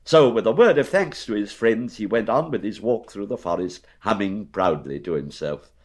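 A man narrating a children's storybook with expressive, animated reading. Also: on the low side, normal speed.

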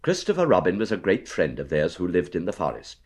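Animated male storybook narrator. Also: low-pitched, a little fast, breathy edge. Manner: expressive, animated reading. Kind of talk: storybook reading.

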